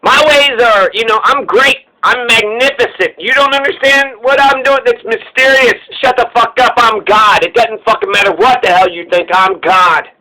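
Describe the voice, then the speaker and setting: A man's voice: extremely high pitch, fairly even intonation, moderate pace, few pauses, sharp tone, exaggerated voice, rough recording. A man putting on a pompous, indignant God. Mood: indignant, scolding. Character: arrogant angry male God scolding.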